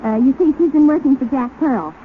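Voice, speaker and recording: A woman voicing a chirpy young female French maid, loud and eager, on a tinny, hissy 1930s radio broadcast. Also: sits high, fairly quick, lightly acted.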